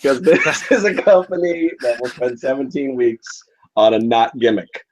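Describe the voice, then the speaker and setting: A man's voice: medium pitch, lively intonation, crowd noise, rough recording. A man co-hosting a wrestling podcast in casual chat, weighing his opinions and hedging them. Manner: thoughtful, measured, hedging. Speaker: podcast co-host.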